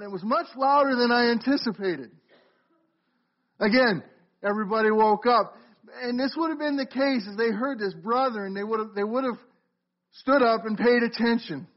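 At a moderate pace, a middle-aged pastor with a very high voice gives a sermon from the pulpit in a church sanctuary. He talks conversationally and regularly turns to question the congregation, captured in a muffled, lo-fi recording.

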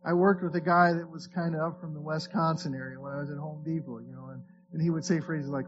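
A man with a fairly high voice preaches a sermon in a loose, conversational manner. He reads scripture aloud and often stumbles into repeated words as he restarts. The recording is slightly dull and lo-fi, with a faint hum underneath. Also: quick pace. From Florida. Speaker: pastor.

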